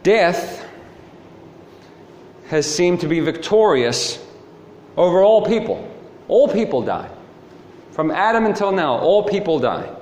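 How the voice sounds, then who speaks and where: A man's voice: high-pitched, big pitch swings, takes it slowly, long pauses, darkish tone, slight background noise. A man preaching a sermon, telling stories with animation and asking the listeners rhetorical questions. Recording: echoey hall with faint ambience.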